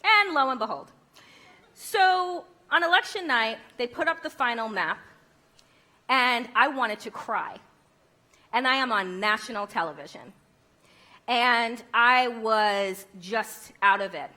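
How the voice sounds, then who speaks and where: A woman's voice: a little high, animated, takes it slowly, bright, forceful tone. A woman giving a conference keynote speech, emphatic and rhetorical, with wry humor. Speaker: keynote speaker.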